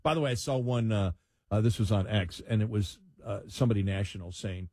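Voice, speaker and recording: Male co-host for a casual chat show: husky, jokey and animated, with a dry, close sound. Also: on the low side, brisk, dry recording. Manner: jokey, animated, riffs and repeats himself.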